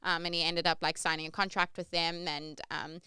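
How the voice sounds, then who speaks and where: A woman's voice: fairly low pitch, little pitch movement, fairly quick, bright, forceful tone, clear, resonant tone, dry recording. A young woman hosting a podcast, telling a travel story in a chatty way and acting out the quotes, with lots of "like". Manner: chatty, says "like" often; acts out quoted lines. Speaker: podcast host. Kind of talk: casual storytelling monologue.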